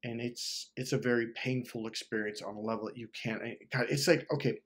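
A man's voice: medium pitch, fairly even intonation, fairly quick. A man in his forties delivering an intense, profane motivational monologue about trusting your gut. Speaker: motivational speaker.

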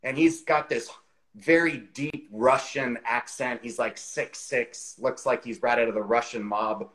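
A man's voice: mid-range voice, a little slow, rough recording. Chatty man telling a story on a video call. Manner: animated, chatty anecdote telling with many fillers. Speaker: guest, real estate expert. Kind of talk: casual storytelling in an interview.

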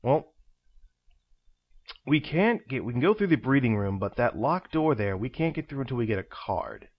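A man's voice: mid-range voice, big pitch swings, normal speed, lo-fi sound. A man casually commenting while playing a video game, talking to himself and to viewers with playful, teacher-like asides. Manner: chatty, talks to himself and viewers. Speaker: let's play host.

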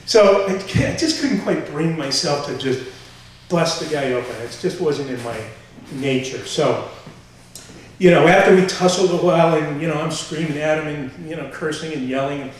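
A man telling a personal story on stage to a live audience, animated and full of fillers, acting out quotes as he goes. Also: a little high, normal speed, a little hiss or hum. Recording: echoey hall from far off.

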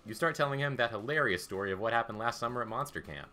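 A man's voice: medium pitch, lively intonation, fast, sharp tone. A young man streaming a video game, reading its text aloud with wry asides over game music.

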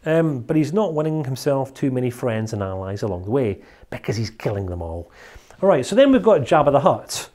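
Scottish man, course teacher, animated pitch, jokey chatty delivery. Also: fairly quick, hardly any pauses. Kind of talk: recorded course lecture.

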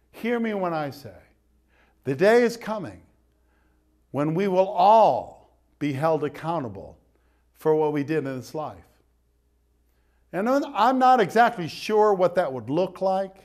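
A man, a priest, giving a conversational sermon with direct asides to his listeners. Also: a little high.

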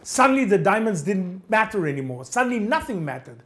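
A man's voice: high voice, brisk, hardly any pauses. A man giving a lecture as a dramatic first-person story, acting out the dialogue in changing voices. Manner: animated, acts out dialogue with shifting voices.

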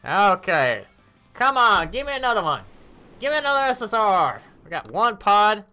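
A woman giving casual commentary on her mobile game summons, animated and cursing at bad pulls. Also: medium pitch, moderate pace, faint music behind. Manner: animated, groaning, swears.

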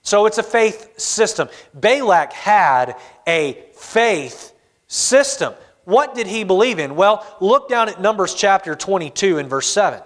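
A man's voice: high-pitched, sing-song, measured pace. A man preaching a sermon as pastor, asking the congregation questions and acting out their answers. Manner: asks the congregation questions, acts out their replies. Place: church auditorium. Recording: long church reverb.

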